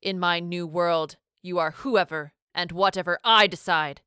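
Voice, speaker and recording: A woman's voice: on the low side, a little slow, sharp tone, smooth, no echo, clean studio sound. A woman voicing a cruel female leader who speaks with false sweetness and hisses in anger. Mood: hissing anger.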